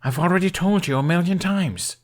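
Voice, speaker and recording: A man's voice: on the high side, moderate pace, voice pushed up, natural voice. A man voicing Hiccup, a frantic young Viking. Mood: exasperated. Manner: pleading, urgent, raised voice.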